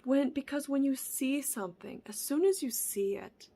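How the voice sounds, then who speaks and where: A woman vlogger talking in an earnest, reflective personal monologue, often sinking into a soft whisper and circling back over her own phrases. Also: sits high, normal speed. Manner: repeats and restarts phrases. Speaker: wellness vlogger.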